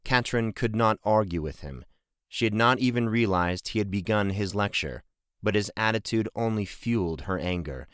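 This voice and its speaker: A man narrating a fantasy audiobook in a measured, steady way. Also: on the low side, clear, resonant tone, no echo, clean studio sound. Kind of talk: scripted narration.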